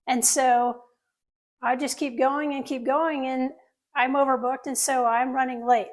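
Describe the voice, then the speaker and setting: High-voiced woman telling a candid story. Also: little pitch movement, unhurried. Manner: earnest, candid storytelling with audience asides. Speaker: plastic surgeon telling her story. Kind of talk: personal story told to an audience.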